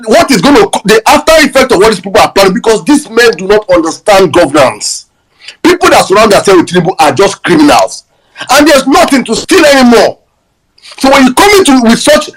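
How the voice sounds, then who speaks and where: A young Nigerian man with a Nigerian accent and a high voice hosts a live audio space, ranting animatedly about politics and telling stories. He mixes Pidgin into his English, laughs through his tales, and often stammers and restarts. The recording quality is low.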